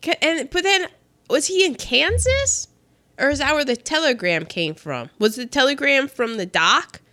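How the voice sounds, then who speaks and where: A woman co-hosting a casual chat about a film, animated and jokey, talking straight to the characters. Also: high-pitched, normal speed.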